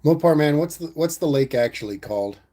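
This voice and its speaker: A man's voice: fairly high pitch, lively intonation, brisk, mellow. A man hosting a casual livestream, reading viewer comments aloud and answering in a laid-back, rambling way. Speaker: livestream host reading chat.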